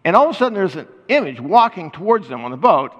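A man's voice: high voice, very animated, fast talker, a bit bright, dull audio. An older man preaching a sermon as a pastor, talking conversationally, with restarts and short laughs. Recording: long hall reverb.

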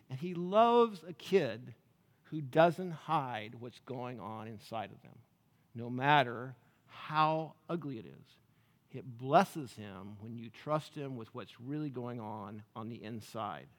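A man's voice: medium pitch, lively intonation, slow pace, fairly bright tone, in a large hall. A man preaching a sermon in a conversational way, often asking the congregation questions. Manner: conversational, asks the crowd questions. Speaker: pastor.

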